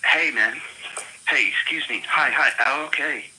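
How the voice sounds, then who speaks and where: A man's voice: medium pitch, moderate pace, sharp tone, slight background noise, rough recording. Angry, profane man on the phone. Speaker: prank call target. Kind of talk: phone conversation.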